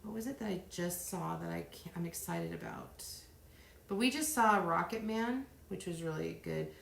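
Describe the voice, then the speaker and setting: Middle-aged woman, craft livestream host; gravelly edge, rambling chat, roomy sound. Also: on the low side, normal speed, slight background noise. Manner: chatty and rambling, counting softly under her breath. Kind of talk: casual live chat while crafting. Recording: roomy echo.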